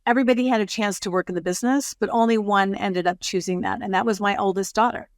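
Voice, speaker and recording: A woman in her sixties, a produce company executive, talking through her career in an unhurried, storytelling way as an interview guest. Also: mid-range voice, fairly even intonation, no room sound, clean studio sound. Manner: measured, storytelling. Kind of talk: casual interview conversation.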